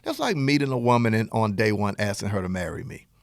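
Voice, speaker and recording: A middle-aged man with a Southern US accent, hosting a podcast and giving an energetic motivational business talk in a playful, animated way. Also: on the low side, fast, creaky, no room sound, clean studio sound. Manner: animated, playful, acts out dialogue in quotes. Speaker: podcast host and business coach.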